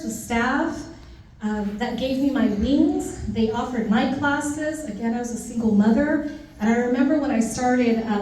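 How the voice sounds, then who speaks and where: Woman, 30s, ceremony speaker: mellow, slightly high, sincere, picked up far off in a very echoey room. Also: slight background noise. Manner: heartfelt, lists names, tells light funny stories. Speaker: newly sworn judge giving a thank-you speech. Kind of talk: formal ceremony speech with personal anecdotes. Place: large indoor ceremony room. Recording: distant mic in a reverberant hall.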